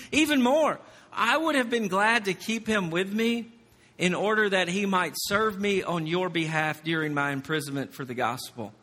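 A man preaching a sermon as pastor, swinging between loud emphasis and quiet storytelling. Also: sits high, in a large hall.

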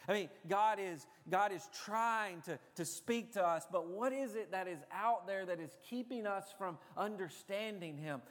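Pastor with a reverberant church sound. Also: male voice, high-pitched, moderate pace, few pauses. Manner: conversational storytelling with frequent 'uh' fillers. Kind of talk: sermon.

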